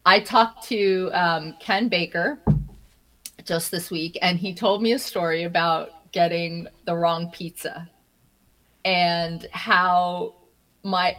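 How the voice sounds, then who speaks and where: A woman with a slightly low voice speaks as an interview guest in relaxed conversation. She tells stories with energy, laughs easily and often stumbles over her opening words. Her delivery is lively and personal. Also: poor audio. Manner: animated storyteller, repeats words when starting, laughs often.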